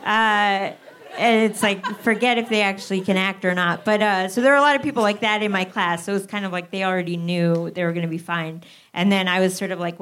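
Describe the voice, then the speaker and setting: A woman's voice: mid-range voice, brisk, a bit bright. A woman comedian on stage, telling a wry, self-deprecating story and acting out the voices of the people in it. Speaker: guest comedian. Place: theatre stage before an audience.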